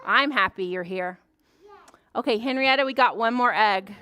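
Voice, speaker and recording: A woman librarian leading a preschool story time, animated and sing-song, gasping in surprise as she talks to small children. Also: a little high, moderate pace, clean tone, no room sound.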